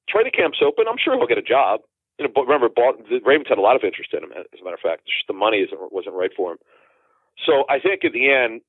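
A man's voice: medium pitch, dry recording. A man in his forties, a guest calling in, telling stories in a rambling way with lots of restarts. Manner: rambling, many restarts and asides. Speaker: guest, football insider. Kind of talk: casual storytelling interview. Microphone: phone call. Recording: tinny phone line, dry.

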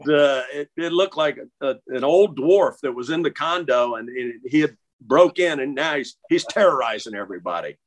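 A middle-aged man telling stories in casual conversation, halting and restarting with many repeated words. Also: medium pitch, expressive. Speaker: interview guest. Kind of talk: casual storytelling.

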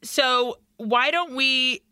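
Bright-voiced chatty woman podcast host. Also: sits high, very slow, clear, resonant tone, no echo, clean studio sound. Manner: chatty, switches into Spanish, swears casually. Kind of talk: casual chat.

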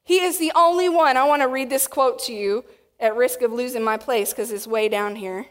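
A woman preaching a sermon to a congregation, animated and acting out quotes in different voices. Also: a little high, moderate pace. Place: church hall with audience. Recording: long reverb of a hall.

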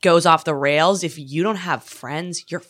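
A woman's voice: sits low, unhurried, a bit bright. A woman from Canada in her thirties, telling stories in casual chat, swearing and acting out voices.

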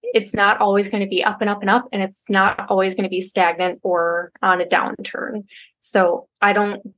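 A woman's voice: mid-range voice, level tone, moderate pace, fairly bright tone. A young adult woman, a podcast guest, talking casually and reassuringly. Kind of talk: casual interview talk.

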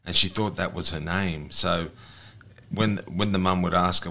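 A man in his forties with an Australian accent, hosting an interview in relaxed chat that often trails off softly. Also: deep voice, moderate pace, creaky. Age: 40s. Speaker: host.

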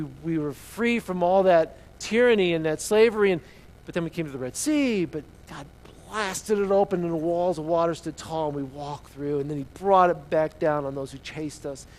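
A man preaching with animated storytelling. His voice sits a little high for a man, and it jumps from loud, excited lines to quiet, hushed asides. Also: rough recording. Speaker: pastor. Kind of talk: sermon.

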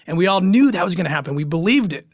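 A middle-aged man tells a personal story in an earnest, halting way, often restarting his sentences. His voice sits a little high for a man. The sound is close and dry. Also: expressive, no echo. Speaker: interview guest.

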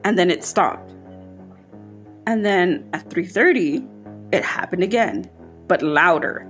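During a casual podcast chat, the female host shares a spooky story from her own life, pitching her voice up sharply each time she quotes what she said.

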